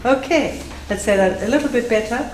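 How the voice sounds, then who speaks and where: A woman teaching a live class, playful and self-mocking, drilling phrases slowly and then fast. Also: on the high side, over a noisy crowd. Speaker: Spanish teacher. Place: classroom with audience. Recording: echoey room with faint ambience.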